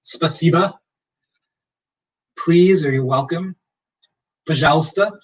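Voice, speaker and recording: A young man teaching as a history professor in a casual livestream lecture, relaxed and rambling with many fillers. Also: on the high side, slow pace, slightly rough, far from the mic, poor audio.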